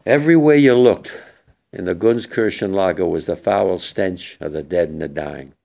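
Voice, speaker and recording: An older man, a war veteran, gives spoken testimony to young listeners, halting and emotional with many restarts. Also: sits low, creaky, darkish tone.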